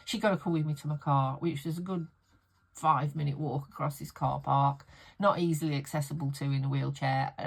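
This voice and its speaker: A woman's voice: on the low side, low-quality recording. A middle-aged woman chatting casually in her home art studio, rambling and laughing often as she talks. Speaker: art vlogger. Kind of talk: casual chat.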